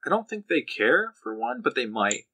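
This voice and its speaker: A man's voice: medium pitch, big pitch swings, moderate pace, pushed and bright, slightly rough. A man co-hosting a podcast, talking casually with dry humor. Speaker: podcast co-host. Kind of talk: casual chat.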